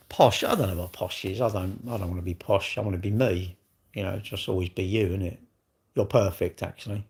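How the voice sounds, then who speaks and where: A man's voice: low-pitched, a little fast, vocal fry, darkish tone, slightly rough. A middle-aged man with a British accent, chatting casually on a livestream and rambling through viewers' questions. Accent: British English. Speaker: livestream host answering chat. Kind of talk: casual chat.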